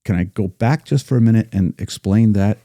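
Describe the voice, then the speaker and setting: Podcast guest, male battlefield guide; emphatic, builds force when reciting; dark voice, dry sound. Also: lowish voice, fairly quick, dry recording. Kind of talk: casual podcast discussion.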